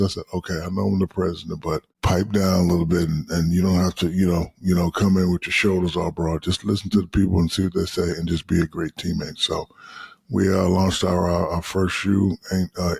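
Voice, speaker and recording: A man in his fifties, a podcast guest, telling animated, profane stories full of quoted asides. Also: sits low, a little fast, creaky, husky, dry recording. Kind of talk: casual storytelling.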